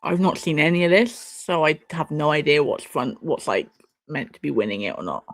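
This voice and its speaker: Streaming a live awards show watch party, a young woman chats with her viewers in a low voice at a normal pace. She's chatty and swears, laughing and bantering at the screen.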